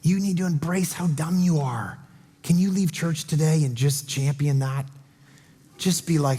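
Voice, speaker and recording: A man preaching a sermon as pastor, telling a story with animated voices and then leading a prayer. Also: fairly high pitch, unhurried, breathy edge. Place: large church auditorium. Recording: long hall reverb with faint music.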